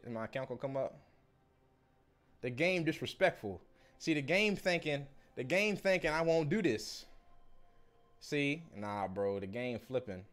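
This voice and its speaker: A young man, streaming a game pack opening with animated, slangy, swearing commentary. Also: mid-range voice.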